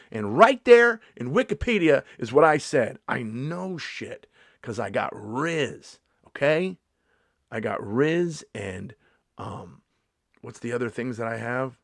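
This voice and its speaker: This comedian vlogger, a middle-aged man, reads slang definitions aloud and follows each with sarcastic, freely profane riffs in a casual vlog. His expressive mid-range voice is slow with vocal fry, captured as a dry, studio-quality recording.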